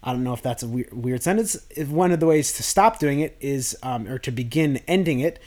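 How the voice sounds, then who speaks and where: A man's voice: medium pitch, lively intonation, fairly quick, darkish tone. A man hosting a self-improvement podcast, talking through his thoughts in a loose, rambling way with many restarts. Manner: rambling, with frequent restarts and fillers. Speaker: podcast host.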